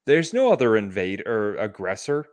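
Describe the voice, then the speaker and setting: A young man co-hosting a casual podcast, slangy and making deadpan jokes. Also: fairly low pitch, moderate pace. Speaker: podcast co-host. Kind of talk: casual chat.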